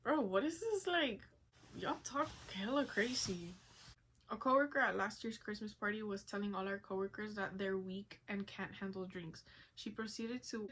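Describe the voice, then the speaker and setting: Animated, foul-mouthed woman vlogger. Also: medium pitch, rough recording. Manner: animated, profane, laughing asides. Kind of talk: casual reaction commentary.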